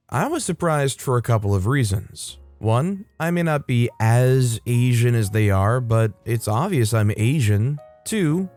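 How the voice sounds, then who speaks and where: A man hosting a storytelling channel, reading online stories aloud in an expressive, upbeat way with frequent lifts in pitch. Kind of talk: scripted narration of online stories.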